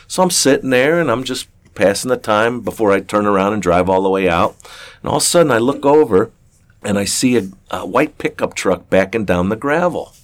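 Here a deep-voiced older man from southern Ohio rambles through a story as an interview guest, fairly quick and expressive. His delivery is casual and folksy, peppered with "uh"s and restarts.

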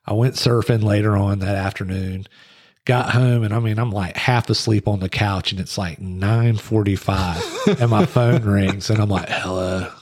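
A man in his late forties with a lowish voice tells easygoing stories in casual podcast chat. His talk rambles along in a relaxed, upbeat way. The sound is dry and close, with no room around it. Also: moderate pace, no room sound. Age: 40s. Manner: laid-back, rambling, upbeat. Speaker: surf shop owner and sponsor.

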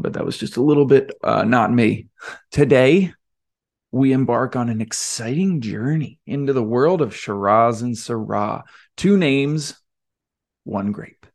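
Rambling low-voiced podcast host. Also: male voice, darkish tone. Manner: rambling, self-deprecating, many fillers. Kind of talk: casual solo podcast talk.

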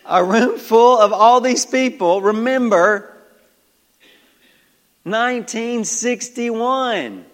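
High-voiced southern country preacher guy, folksy, asks the congregation lots of questions, echoey church hall. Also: slow, pauses often. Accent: American Southern country. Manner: folksy, rhetorical questions, swings between loud and hushed. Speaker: pastor. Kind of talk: sermon. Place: church sanctuary.

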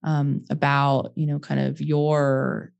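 A woman hosting a podcast asks long, thoughtful questions, slowly searching for the right words. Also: deep voice, completely flat delivery, vocal fry, darkish tone, dull audio. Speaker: podcast host. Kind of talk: interview questions.

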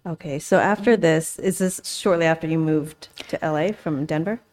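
A woman hosting a podcast, responding softly and with sympathy to her guest. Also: sits low, moderate pace. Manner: soft, sympathetic. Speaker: podcast host. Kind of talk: interviewer.

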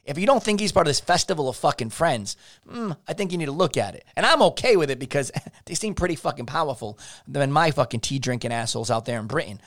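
A man's voice: a little high, fast. A man hosting a podcast, spinning conspiracy theories in casual, profane talk. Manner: profane, animated conspiracy ranting. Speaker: podcast host.

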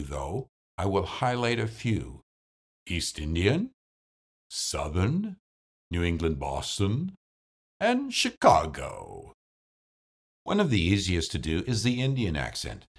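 A man hosting a podcast about voice acting, reading his script in a deliberate, measured way. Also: fairly low pitch, husky. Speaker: podcast host and voice actor.

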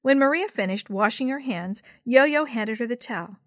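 A woman's voice: on the high side, normal speed, no room sound, clean studio sound. Woman reading a children's story. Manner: clear, steady read-aloud delivery. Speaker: narrator. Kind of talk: storybook narration.

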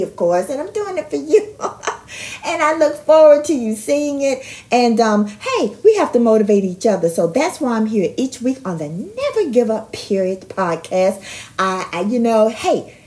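A woman's voice: on the high side, very animated, moderate pace, darkish tone. A middle-aged woman hosting a motivational podcast, talking in an encouraging way, repeating herself and laughing often. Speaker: podcast host.

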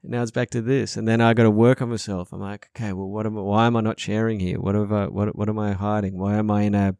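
A man's voice: fairly low pitch, level tone, fast, darkish tone, smooth, no echo, clean studio sound. A man, hosting a casual podcast chat, speaking earnestly with a lot of swearing and repetition. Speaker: podcast host.

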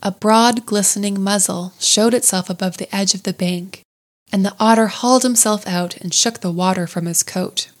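A woman reading a classic storybook aloud in a gentle, measured way. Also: medium pitch.

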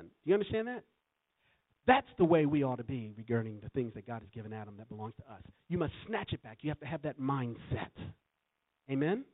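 A man's voice: a little high, sing-song, brisk, no echo. A man preaching a sermon, quoting scripture and telling a story, with emphatic swells on key lines. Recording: tinny phone-like recording.

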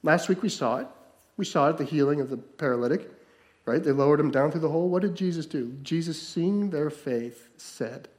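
A male pastor preaching a sermon, moving between loud, emphatic stretches and hushed, slowed-down lines. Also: on the high side.

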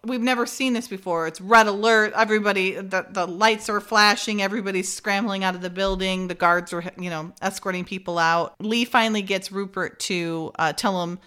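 Animated woman recapping a TV episode. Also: mid-range voice, fairly quick, few pauses, clean tone. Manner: animated, acts out characters' lines with laughs. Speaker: podcast host recapping an episode. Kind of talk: casual chat, retelling scenes.

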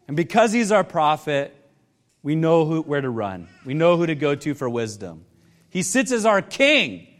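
A male pastor preaching a sermon earnestly, building emphasis with repeated questions to the congregation. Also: high-pitched.

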